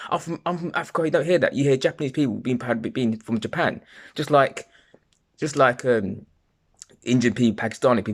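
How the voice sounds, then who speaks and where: A man from London with a London accent, ranting to camera in a heated, stumbling way, full of restarts and swearing. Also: fairly low pitch. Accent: London English. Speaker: vlogger. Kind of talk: angry monologue to camera.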